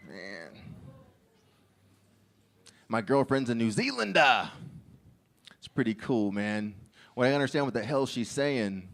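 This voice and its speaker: A man doing a crude stand-up set, telling stories and laughing at his own jokes. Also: mid-range voice. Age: adult with a child. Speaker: stand-up comedian.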